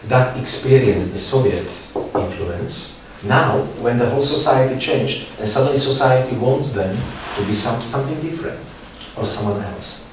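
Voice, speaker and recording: A man speaking English as a non-native, presenting research in a panel discussion, halting with many fillers and restarts. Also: medium pitch. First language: not English. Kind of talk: discussion talk. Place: theatre space. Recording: echoey room, distant mic, background noise.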